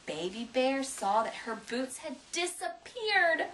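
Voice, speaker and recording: A woman reading a picture book aloud in an expressive way, with dramatic gasps, recorded from a distance with faint noise. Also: high-pitched, takes it slowly, few pauses. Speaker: storyteller.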